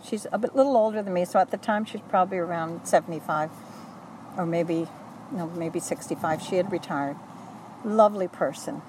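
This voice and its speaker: Older woman, low-ish voice, earnest and halting storyteller; mic set back, traffic loud behind. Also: far from the mic. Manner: earnest, halting, with self-corrections. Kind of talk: oral history recollection.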